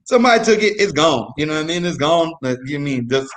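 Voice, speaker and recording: A man's voice: on the high side, a little fast. A young man telling a loose, profane story about his military days on a live comedy show, with frequent restarts. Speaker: guest storyteller, former military supply.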